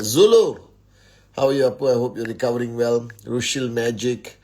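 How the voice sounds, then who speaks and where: A man's voice: mid-range voice, measured pace, vocal fry, darkish tone. A man hosting a live stream from home, upbeat as he rattles off greetings to many viewers before a casual motivational talk, speaking into a phone. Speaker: host of a network marketing live stream. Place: at home, indoors.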